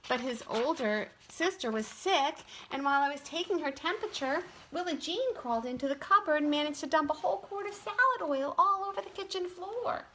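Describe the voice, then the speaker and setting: A woman's voice: high voice, expressive, brisk, few pauses, bright, forceful tone, a little hiss or hum, voice pushed up. A woman reading a storybook aloud and voicing a harried mother who explains her troubles in an exasperated way. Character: harried adult mother, flustered and chatty.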